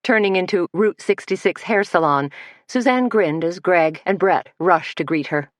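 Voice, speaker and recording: A woman narrating an audiobook in a measured storytelling manner. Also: on the low side, no echo. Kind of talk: scripted narration.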